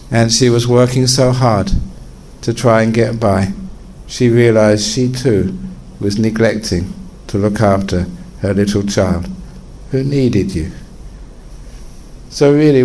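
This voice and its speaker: A man, a Buddhist teacher, giving a sermon and telling a parable as a relaxed storyteller whose pitch climbs as the story builds. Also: a little hiss or hum. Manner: relaxed storyteller with lively swings into higher pitch.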